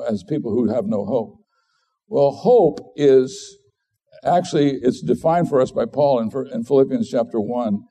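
A middle-aged man preaches in an earnest, conversational way, often backing up to restart a phrase. His voice is deep and very mellow, with a dark, warm color. He speaks as a pastor addressing his congregation. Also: husky. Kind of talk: sermon.

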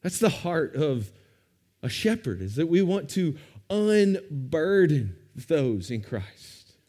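Male pastor, sermon, unhurried delivery, animated pitch. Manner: expressive preaching, slow with emphatic rises and drops.

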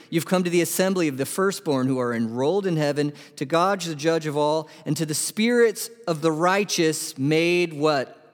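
A man preaching a sermon as pastor, animated and asking his congregation questions. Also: fairly high pitch. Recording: long hall reverb.

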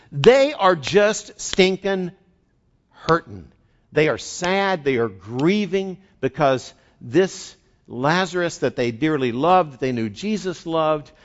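A middle-aged male pastor preaching a conversational sermon, shifting from quiet reflection to fervent emphasis. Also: on the high side, dull audio.

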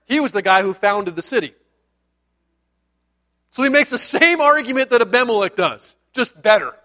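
A man's voice: extremely high pitch, animated, normal speed, long pauses, pushed and bright. A man, a pastor, giving a sermon in a conversational, jokey way with asides to the listeners.

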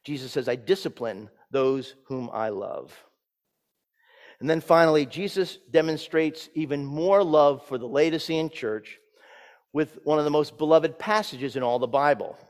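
A man's voice: on the high side, a little slow. Male pastor preaching in a reverberant sanctuary. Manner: dynamic preaching, swinging from loud emphatic peaks to soft hushed lines. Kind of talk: sermon. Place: church sanctuary. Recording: church sanctuary with long reverb.

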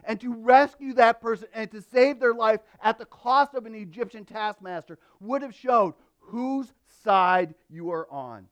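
A male pastor preaching a sermon, emphatic, dropping from loud to hushed and asking the listeners questions. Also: sits high, clear, resonant tone. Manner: asks the listeners rhetorical questions.

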